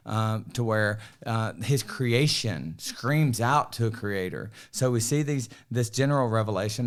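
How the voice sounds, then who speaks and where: A man on a student faith podcast, explaining scripture in an earnest, preaching way and often checking in with "right?". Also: mid-range voice. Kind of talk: preaching-style podcast discussion.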